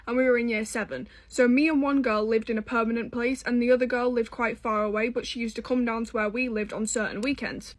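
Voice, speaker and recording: A young woman with a British accent tells a storytime straight to her viewers. Her voice sits fairly high, and she talks with sass, swearing and dramatic asides. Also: a bit bright. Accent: British English. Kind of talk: casual storytime.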